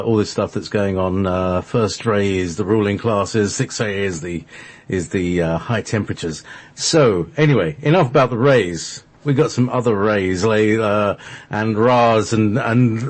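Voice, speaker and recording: Husky low-voiced man hosting radio. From Scotland. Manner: rambling, many fillers and restarts. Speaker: radio show host. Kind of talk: casual spiritual radio chat. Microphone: online call.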